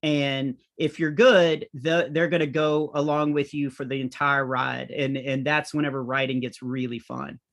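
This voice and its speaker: A man's voice: mid-range voice, moderate pace, hardly any pauses. A middle-aged man, a comedian and author, telling anecdotes in a conversational interview. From United States. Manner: animated anecdotal storytelling.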